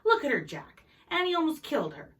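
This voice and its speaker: A woman's voice: low voice, animated, fast, bright, forceful tone, full character voice. A woman voicing an upset mother who speaks sharply and indignantly. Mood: outraged.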